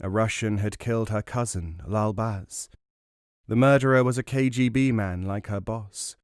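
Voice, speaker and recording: A man narrating a novel as an audiobook in a measured, dramatic storytelling manner. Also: fairly low pitch, dry recording, studio quality.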